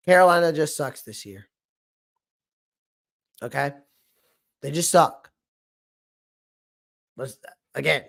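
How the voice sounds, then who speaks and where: A man hosting a fan livestream about his football team, hoarse from losing his voice, talking bluntly and repeating his points. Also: high voice, a bit bright. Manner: blunt, emphatic, repeats himself. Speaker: sports fan show host. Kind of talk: livestream sports rant.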